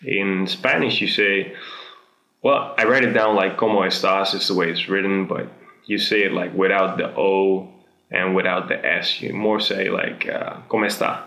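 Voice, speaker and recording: A young man with a Dutch accent talks his way through a casual language tutorial, pausing often. His voice sits low and gravelly but comes out bright. The sound has a roomy echo around it. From Netherlands. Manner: chatty, relaxed, many "uh" pauses. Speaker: video host.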